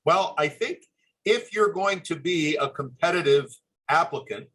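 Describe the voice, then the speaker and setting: A man's voice: on the high side, a bit bright, husky, low-quality recording. Earnest older man presenting a webinar. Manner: earnest, measured, courteous. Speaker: webinar presenter, former admissions dean. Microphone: video call.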